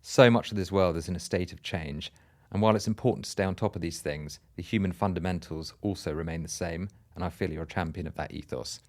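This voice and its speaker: A man's voice: deep voice, fast talker, a little mellow. A man co-hosting a podcast interview, introducing his guest with effusive praise. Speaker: podcast co-host.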